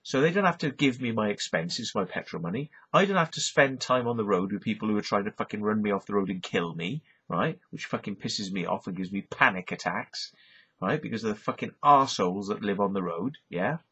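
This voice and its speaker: Middle-aged Welsh man, husky combative ranter, dull lo-fi vlog audio, swears constantly. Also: lowish voice, animated, fairly quick, fairly bright tone. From Wales. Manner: sweary, combative, repeats "right?" and "yeah?". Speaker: YouTube vlogger. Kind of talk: profane ranting monologue. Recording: dull lo-fi recording.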